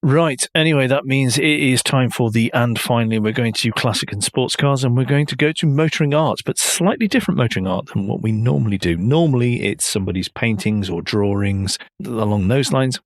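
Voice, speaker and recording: A man's voice: mid-range voice, fairly quick, hardly any pauses, no echo, clean studio sound. A man co-hosting a motoring podcast in casual chat, rambling and laughing often. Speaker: podcast co-host.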